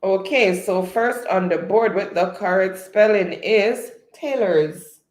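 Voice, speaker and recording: Slow-talking spelling quiz host. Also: medium pitch, reverberant. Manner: unhurried, chatty, reads out comments. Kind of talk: live-stream spelling game, reading chat aloud.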